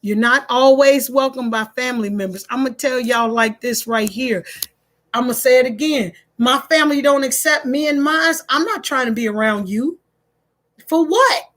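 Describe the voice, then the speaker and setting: A woman's voice: sits high, normal speed, a bit bright. A middle-aged woman, talking to her viewers like a preacher, emphatic and plain-spoken. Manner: preachy, emphatic, in Black American vernacular. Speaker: online talk host. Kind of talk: live-stream motivational talk.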